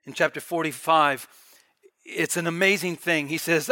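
A man preaching a sermon with fervent delivery, swelling loud and dropping to near-quiet. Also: a little high, steady tone, moderate pace. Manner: fervent, rising and falling in volume.

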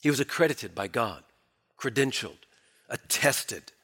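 A male pastor preaching a sermon, swinging from emphatic declarations to hushed, low asides. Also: animated, measured pace, slightly rough.

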